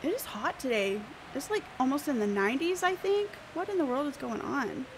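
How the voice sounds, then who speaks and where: A woman's voice: high-pitched, animated, brisk, background noise. A woman live-streaming a game, chatting playfully with her viewers. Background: background music.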